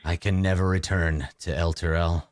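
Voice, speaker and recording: A man voicing a grave, deep ancient vampire. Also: level tone, no room sound, studio quality, natural voice. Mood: brooding. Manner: grave, slow and brooding. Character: weary, bitter ancient male vampire.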